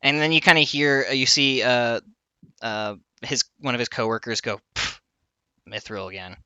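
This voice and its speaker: A man's voice: mid-range voice, normal speed, sharp tone, clean tone, dry recording, muffled recording. A man narrating as game master of a tabletop game, loose and rambling with many fillers.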